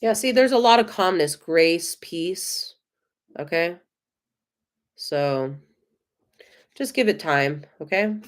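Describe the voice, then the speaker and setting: Gentle, effusive American woman tarot reader. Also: fairly low pitch, slow pace, pauses often. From United States. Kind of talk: live-stream tarot reading.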